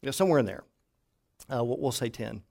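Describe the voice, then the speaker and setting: A man's voice: mid-range voice, lively intonation, fast, gravelly, mellow. A male pastor preaching a sermon in a church, telling folksy stories with frequent fillers and restarts. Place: church sanctuary.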